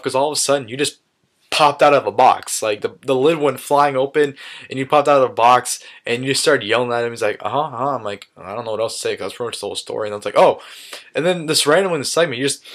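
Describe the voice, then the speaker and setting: Rambling young man recapping a fan event. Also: medium pitch. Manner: rambling, repeats "awesome" and "you know". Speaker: vlogger. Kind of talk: casual recap vlog.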